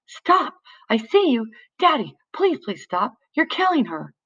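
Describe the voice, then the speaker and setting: A woman reading the part of a big, slow teenage boy who pleads and accuses insistently. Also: mid-range voice, expressive, fairly bright tone, distant mic, highs cut off, voice pushed up. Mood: frantic.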